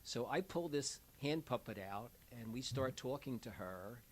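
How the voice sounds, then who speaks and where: Speaking a little slowly in a medium pitch, an older end-of-life doula shares personal stories in a chatty, animated way, performing the voices of those he quotes. The recording is rough, with a faint hiss underneath.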